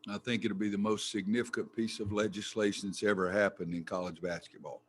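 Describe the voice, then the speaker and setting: A man's voice: fairly low pitch, little pitch movement, a little fast, a little hiss or hum. An older man, a head basketball coach answering press conference questions in a folksy, blunt way that gets worked up.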